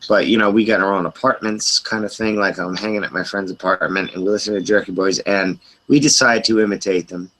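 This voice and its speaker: A middle-aged man on an open group call, casually telling a long, profane, animated story with quoted voices. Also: low-pitched, a little fast, hardly any pauses, low-quality recording. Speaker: hangout participant.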